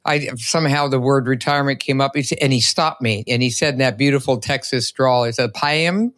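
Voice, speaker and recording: A woman's voice: very deep voice, steady tone, a little fast, dry recording, clean studio sound. A middle-aged woman hosting a podcast interview, talking with energy and emphasis. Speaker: podcast host. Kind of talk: enthusiastic interview chat.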